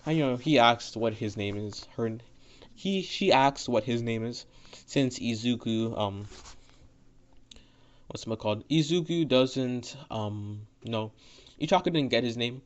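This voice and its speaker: A man's voice: mid-range voice, lively intonation, measured pace. A man narrates a fan story off the cuff, rambling and swearing freely, with constant fillers and false starts. His voice sits in an ordinary mid range. The recording is dull and lo-fi. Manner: rambling, profane, full of fillers and restarts. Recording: dull lo-fi audio.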